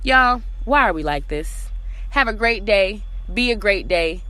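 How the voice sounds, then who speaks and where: A woman's voice: mid-range voice, lively intonation, measured pace, sharp tone. Blunt, fiery woman podcast host. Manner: blunt, profane and emphatic; repetitive rhetorical questions. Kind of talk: solo podcast monologue. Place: outdoors in morning sun.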